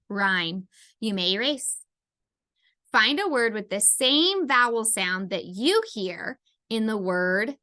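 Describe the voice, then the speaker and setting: A woman's voice: medium pitch, pushed and bright. A woman teaching a phonics lesson to children, sounding out words sound by sound. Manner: slow, sounding out words letter by letter.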